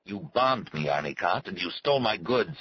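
A man's voice: low-pitched, animated, moderate pace, dull audio, a little hiss or hum, pitched above the performer's own voice. A man voicing an enraged, grief-stricken trader who vows revenge, read in an audiobook. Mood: vengeful. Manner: anguished, vowing revenge. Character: enraged bereaved male trader, vengeful. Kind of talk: audiobook character voice.

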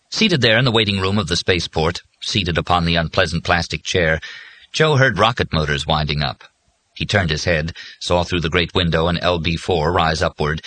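A man reading a novel aloud in measured, scripted narration. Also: low-pitched, sharp tone. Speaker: audiobook narrator.

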